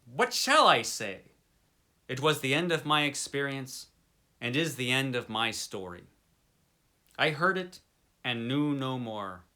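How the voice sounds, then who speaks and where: Expressive man reading horror aloud. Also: mid-range voice, measured pace, long pauses. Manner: expressive, theatrical delivery. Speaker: story reader. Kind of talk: dramatic horror story reading.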